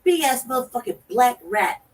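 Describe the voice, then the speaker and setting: A woman co-hosting a talk show, telling a profane story in a lively way and acting out her own reactions. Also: on the high side, normal speed. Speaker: podcast co-host. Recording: distant mic with faint noise.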